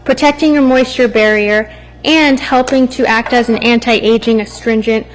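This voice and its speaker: A young woman presenting skincare products in a smooth, upbeat manner, then chatting. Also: a little high, steady tone, normal speed. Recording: room with long reverb.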